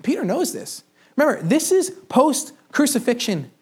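A man's voice: very high-pitched, very animated, moderate pace, a little mellow. A young adult man preaching a sermon in a casual storytelling manner, with humorous asides and personal confessions. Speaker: pastor.

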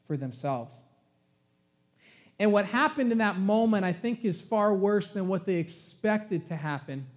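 A man's voice: a little high, a little mellow. A man who is a pastor, preaching a sermon in an emphatic, conversational way and asking the congregation questions.

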